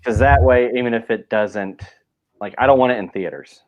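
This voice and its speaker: A man's voice: mid-range voice, normal speed, highs cut off, soft background music. A man hosting a casual podcast chat, talking in a rambling way with lots of fillers and restarts. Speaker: podcast host.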